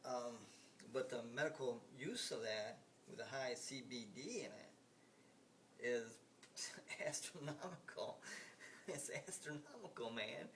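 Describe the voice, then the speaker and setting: Older American man, mid-pitch, rambling and emphatic vlog monologue, recorded off-mic with hiss. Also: a bit bright. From United States. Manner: emphatic, repetitive, swears, frequent restarts and fillers. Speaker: vlogger. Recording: hissy, from some distance off the mic.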